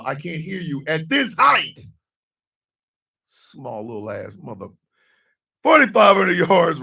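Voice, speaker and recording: A raspy, bright-toned man hosting a radio show from a bit back off the mic. His pitch swings wildly as he jokes, shouts and rants in mock outrage. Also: distant mic. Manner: rowdy, profane, shouting bursts and mock outrage. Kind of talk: loud comedic live-stream banter.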